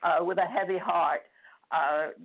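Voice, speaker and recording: An older woman calling in to a radio show, speaking in a halting, emotional way and close to tears. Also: fairly low pitch, fairly even intonation, breathy edge. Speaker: caller. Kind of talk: phone-in radio chat. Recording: tinny phone line.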